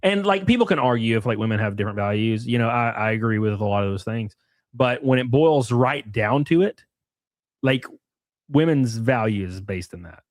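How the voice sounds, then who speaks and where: A man streams live at a middle pitch, talking loosely and crudely with frequent laughs. His voice is dry and close to the mic, with no room around it. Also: expressive, normal speed, no echo. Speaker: streamer reacting with chat. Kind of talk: casual livestream chat.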